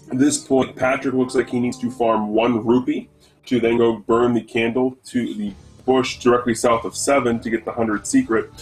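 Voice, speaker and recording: A man's voice: mid-range voice, low-quality recording. Male co-commentator from the northeastern US, rambling delivery, faint background music. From Northeast United States. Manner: rambling, many fillers and restarts. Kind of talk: casual speedrun commentary.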